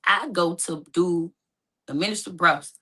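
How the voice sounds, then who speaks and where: Woman guest, lowish voice, telling her own story in casual speech; spikes high when upset. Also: unhurried, sharp tone, slightly rough. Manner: emotional, rising to high pitch when distressed; speaks casually with informal phrasing. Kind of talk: personal storytelling in conversation.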